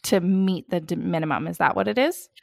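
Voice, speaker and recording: A woman's voice: fairly low pitch, animated, vocal fry, dry recording. Woman co-host, easygoing conversational delivery, lots of "like"; dry, close recording. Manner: quick, reassuring replies, heavy use of "like". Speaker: co-host who has managed staff. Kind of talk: casual chat.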